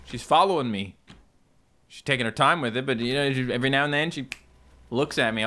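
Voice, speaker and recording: A man's voice: medium pitch, normal speed, long pauses, bright, forceful tone, a little hiss or hum. A man giving jokey let's play commentary on a video game, exclaiming and reading game text aloud. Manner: joking, exclamatory, reads on-screen text aloud. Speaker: gaming video host.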